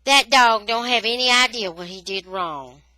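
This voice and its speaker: A woman reading aloud, voicing a weary, gentle father who speaks in a soft, low, measured way. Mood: quiet, weary.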